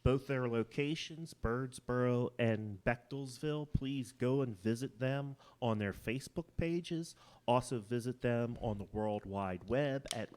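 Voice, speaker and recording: A man co-hosting a local talk show on location at a winery, giving upbeat promotional shout-outs. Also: medium pitch, unhurried, clean tone. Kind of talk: casual chat and promotional sign-off.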